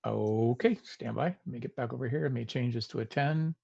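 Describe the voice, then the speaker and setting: A man with a gravelly, creaky voice reads out dice rolls in a matter-of-fact way. The sound is dry and a little dull, like a lo-fi mic. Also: mid-range voice, fairly quick, mellow, no echo. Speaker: player. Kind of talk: casual chat at a tabletop game.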